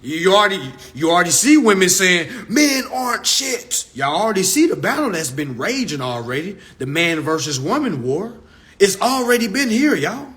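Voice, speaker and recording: A man's voice: high voice, big pitch swings, moderate pace, fairly bright tone. A man ranting on a livestream, profane and preachy, repeating his points with emphasis. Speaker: social media live host. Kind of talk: unscripted livestream rant. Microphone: phone livestream.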